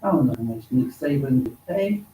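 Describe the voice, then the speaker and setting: A man teaching an informal religious study class at a mosque, talking slowly and conversationally and repeating words for emphasis. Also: medium pitch, expressive, mellow. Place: mosque hall. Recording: echoey hall, distant mic, faint noise.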